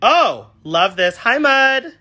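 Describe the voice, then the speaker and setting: A man's voice: extremely high pitch, big pitch swings, slow pace, sharp tone. A young man from California, a drag performer, chatting casually on a livestream and reading viewer comments aloud.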